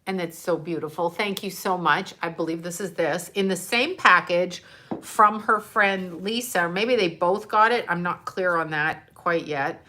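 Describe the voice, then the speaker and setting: Bright-voiced chatty woman streaming live. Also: on the low side, unhurried. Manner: chatty, scattered and effusive. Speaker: livestream host. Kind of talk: casual live-stream chat.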